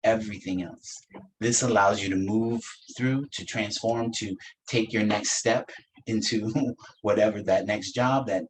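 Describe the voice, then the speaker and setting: A man teaching a spiritual practice in a gentle, unhurried way, with playful asides and frequent soft laughs. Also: on the low side, fairly even intonation, a little hiss or hum, rough recording. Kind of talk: reflective spiritual talk.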